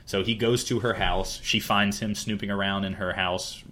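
A man's voice: on the low side, fairly even intonation, normal speed, bright, forceful tone, slight background noise. A young man co-hosting a casual podcast, recapping a story and acting out the characters' lines. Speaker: podcast co-host.

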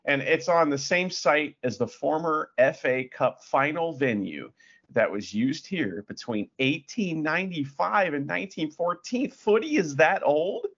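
A man's voice: on the high side, expressive, a little slow, fairly bright tone, slightly rough, lo-fi sound. A man co-hosting a podcast, chatting casually and joking profanely as he reads facts aloud with sarcastic asides. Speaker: podcast co-host. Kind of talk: casual chat.

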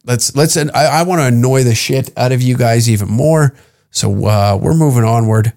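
A man's voice: medium pitch, normal speed, creaky, a little mellow. A man hosting a comedy podcast, ranting in an exasperated, profane way. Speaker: podcast host.

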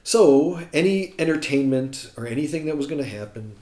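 American man telling a lively story. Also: fairly high pitch, moderate pace. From United States. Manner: animated storyteller who acts out quotes. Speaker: guest musician. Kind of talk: casual anecdote telling. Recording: roomy echo.

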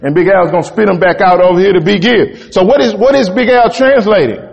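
A man's voice: sits high, quick pace, gravelly, big-room sound, dull audio. A man preaching a sermon in a conversational way, often asking the congregation "right?".

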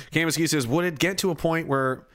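A man hosting a live stream, giving loud, profane, mocking commentary. He often shouts and laughs. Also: a little high.

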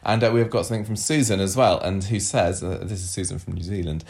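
A man co-hosts a podcast in a casual chat, joking around and lively as he reads listener feedback aloud. His voice is low and gravelly, he talks fast, and soft music plays in the background.

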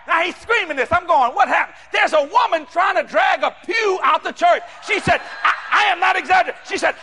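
A male preacher from New Orleans delivers a sermon in a high, piercing voice, shouting and acting out every character. His bright, forceful tone rings through a hall with a long echo. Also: fairly quick, some chatter behind. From New Orleans, Louisiana. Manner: animated, shouting, acts out voices. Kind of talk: sermon storytelling.

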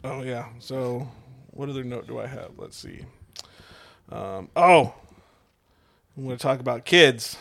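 A man's voice: medium pitch, unhurried, vocal fry, long pauses, a bit bright, no room sound. A man in his thirties, a podcast co-host, chatting casually and swearing freely as he tells stories. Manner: profane, laid-back storytelling. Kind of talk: casual chat.

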